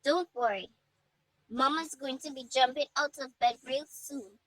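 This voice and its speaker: A woman voicing a frail, sick mother who is gentle but stern, speaking weakly and slowly in a storybook reading. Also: sits high, no echo, low-quality recording. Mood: frail, tender. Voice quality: weak, soft. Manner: slow, tender.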